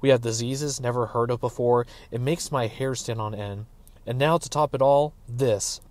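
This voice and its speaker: A man reading aloud, voicing a gruff, officious middle-aged castellan in a fantasy story. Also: steady tone, normal speed, lightly acted. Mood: grumbling. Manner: exclaiming, higher and louder than the narration. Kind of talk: dramatic audiobook reading.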